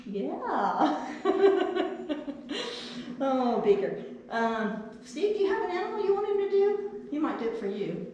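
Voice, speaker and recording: A woman puppeteer giving a children's puppet show, gently coaxing and talking to her puppet. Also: high voice, sing-song, moderate pace, lo-fi sound, a little hiss or hum. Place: chapel. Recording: echoey chapel from far off.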